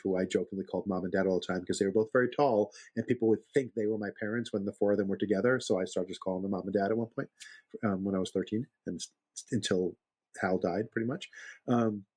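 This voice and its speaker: A man's voice: lowish voice, husky. A man co-hosting a podcast, telling stories in casual chat and laughing often. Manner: storyteller, animated, laughs a lot. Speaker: podcast co-host.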